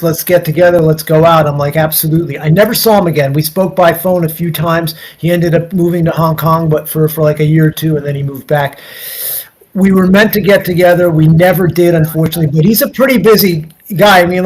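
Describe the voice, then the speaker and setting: A man from the United States tells a story as an interview guest, his voice a little high and husky. He rambles, restarts and acts out both sides of a conversation. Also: steady tone, brisk, low-quality recording. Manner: rambling anecdote with many restarts and quoted dialogue. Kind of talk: casual storytelling.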